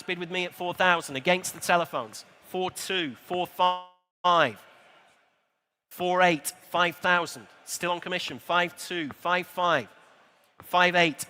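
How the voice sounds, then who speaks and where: A man's voice: high voice, pushed and bright, clear, resonant tone. Man calling bids in a hall. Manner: brisk rhythmic bid calling with asides. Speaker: auctioneer. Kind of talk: live auction calling. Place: motor show sale room. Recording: reverberant large exhibition hall.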